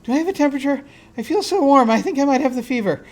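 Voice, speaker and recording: A man's voice: extremely high pitch, lively intonation, very fast, darkish tone, voice pushed up. A man voicing a young female army nurse who is panicked and feverish, fretting breathlessly in a raised voice.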